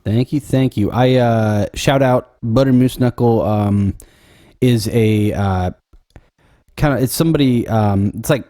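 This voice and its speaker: Laid-back mellow-voiced man podcasting. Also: mid-range voice, unhurried, no room sound, studio quality. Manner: laid-back, hesitant with many fillers. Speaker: podcast co-host and musician. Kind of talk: casual chat between friends.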